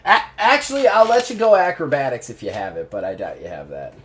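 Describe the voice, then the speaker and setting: A man's voice: medium pitch, expressive, a little fast, fairly bright tone. A man narrating a tabletop game as game master, casual and swearing freely. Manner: casual, swears, laughs easily.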